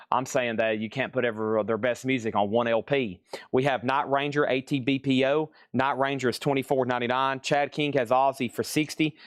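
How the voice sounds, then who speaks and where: A man's voice: mid-range voice, clear, resonant tone, no echo. A man hosting a live-stream record sale, reading off titles and prices and calling out bidders with chatty asides. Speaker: live auction seller.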